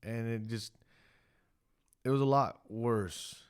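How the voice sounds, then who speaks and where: A man's voice: medium pitch, slow pace, smooth. A man co-hosting a casual podcast chat, telling a story in a rambling way full of restarts. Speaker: podcast co-host.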